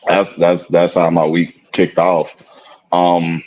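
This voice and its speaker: A man's voice: low-pitched, level tone, slow pace, a little mellow. A man, co-hosting a podcast in a laid-back, rambling way with lots of fillers. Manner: laid-back, rambling with lots of fillers and "you know what I'm saying". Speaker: podcast co-host. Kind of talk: casual podcast chat. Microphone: video call. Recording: dull lo-fi remote call audio.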